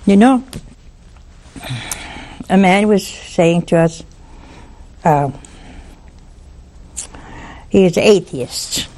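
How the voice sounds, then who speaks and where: A woman's voice: on the low side, very slow, long pauses, mellow. A woman speaking on a religious broadcast, telling a story in an earnest, emphatic way and repeating lines for effect. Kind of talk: preachy storytelling talk.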